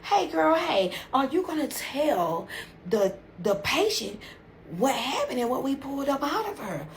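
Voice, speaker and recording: A woman playing a meddling doctor friend, cautious, urgent, slightly raised pitch. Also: very animated, measured pace, a little hiss or hum, heavily acted.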